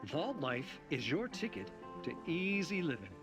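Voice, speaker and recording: A man's voice: on the high side, very animated, a little slow. A man voicing a cheerful, folksy narrator in a game trailer about fishing and cozy living. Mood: upbeat folksy. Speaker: trailer announcer. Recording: game trailer audio under loud music.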